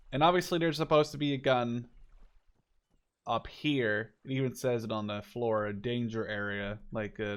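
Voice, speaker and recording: A young man, not a native English speaker, giving a casual, chatty walkthrough of a video game, full of fillers and self-corrections. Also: mid-range voice. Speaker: gameplay video creator.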